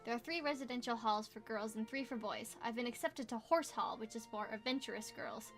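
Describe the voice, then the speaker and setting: A young woman reading a visual novel aloud as a gamer, playful, with quick asides and exclamations. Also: fairly high pitch, animated, fairly bright tone, soft background music. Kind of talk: casual let's play reading with asides.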